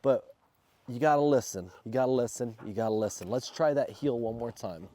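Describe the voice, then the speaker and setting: A sick, congested man talks through a casual dog-training vlog in a dark, mellow voice. He breaks off now and then to bark sharp, loud commands at his dog. The sound is dry and close. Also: mid-range voice, brisk, dry recording. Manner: loud sharp commands between relaxed explanations. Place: outdoors in a backyard.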